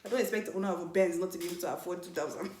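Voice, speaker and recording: Young woman, casual storytelling, lively laughing delivery, echoey room. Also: fairly low pitch, rapid-fire, slight background noise. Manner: animated, laughing, mimics voices in quotes. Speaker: vlogger.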